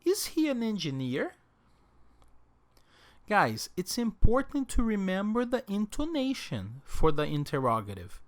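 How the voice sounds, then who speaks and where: A man teaching a recorded English lesson, drilling example sentences slowly with exaggerated question intonation. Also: high-pitched, wildly swooping pitch.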